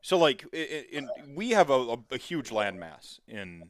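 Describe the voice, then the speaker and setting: An American man hosting a casual livestream chat, rambling and animated, full of filler words. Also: medium pitch, moderate pace, dry recording. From United States. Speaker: livestream host. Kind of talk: casual chat on a charity stream.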